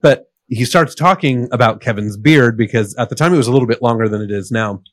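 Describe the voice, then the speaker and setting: A man's voice: mid-range voice, fast, no room sound, clean studio sound. A man co-hosting a podcast, telling a story casually with lots of fillers and restarts. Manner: rambling, filler-heavy storyteller. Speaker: podcast co-host.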